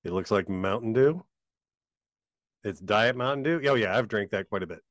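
A man who is a guest on a podcast, chatting in a relaxed, easygoing way. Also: on the low side, normal speed, no room sound, clean studio sound. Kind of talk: casual chat.

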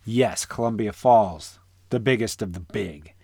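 Joking low-voiced male podcast co-host. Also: measured pace, mellow, breathy edge, no room sound, studio quality. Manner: joking, rambling, restarts often. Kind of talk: casual chat.

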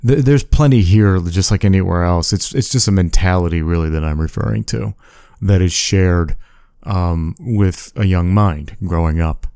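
Low-voiced man in a dry, close sound. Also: moderate pace, dark tone, clear, resonant tone, no room sound. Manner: laid-back, swears casually, explains with examples. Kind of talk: casual chat.

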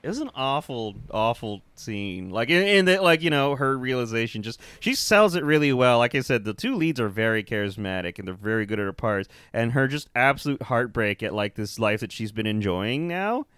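A man's voice: medium pitch, expressive, moderate pace, few pauses, fairly bright tone, clean tone, no echo, clean studio sound. A man co-hosting a podcast, chatting casually and animatedly about a film, laughing often and swearing. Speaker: podcast co-host. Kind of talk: casual movie review chat.

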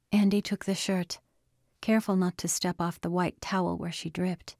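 A woman narrating a novel in a measured, scripted reading, quietly giving each character a voice. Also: on the low side, level tone, no room sound, studio quality. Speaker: audiobook narrator.

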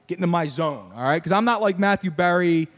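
Animated young man ranting with laughs. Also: high-pitched, brisk. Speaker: podcast host. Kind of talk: casual sports talk banter.

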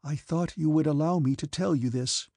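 A man voicing a gentle, sorrowful young noblewoman who pleads with a trembling voice. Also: fairly high pitch, moderate pace, vocal fry, no echo, studio quality, pitched above the performer's own voice. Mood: earnest.

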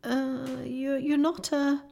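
A woman's voice: mid-range voice, steady tone, normal speed, a little mellow, lightly acted. A woman voicing an anxious, cautious older girl who speaks shakily and hesitantly. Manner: shaky, hesitant.

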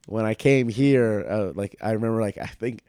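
A young man from Sudan, a podcast guest telling joking stories in a relaxed chat. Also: on the low side, moderate pace, no room sound. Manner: joking storyteller, easygoing. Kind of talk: casual chat.

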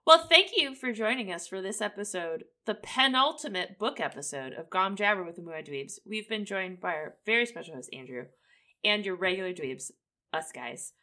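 A woman co-hosting a podcast, chatting casually about a book with quick, expressive reactions. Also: medium pitch. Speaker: podcast co-host. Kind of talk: casual book-club chat.

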